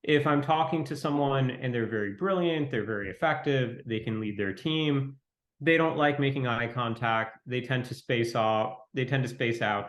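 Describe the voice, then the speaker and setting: A man speaking as an interview guest, talking quickly in a fairly flat, reflective way. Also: medium pitch. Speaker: venture capitalist guest. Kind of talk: conversational interview. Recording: roomy echo.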